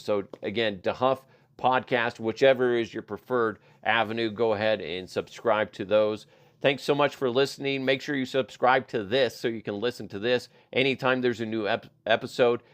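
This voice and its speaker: With a fairly low, clean-toned voice, a middle-aged podcast host talks casually about odd news, laughing, swearing a lot, and breaking into silly voices for comedic effect.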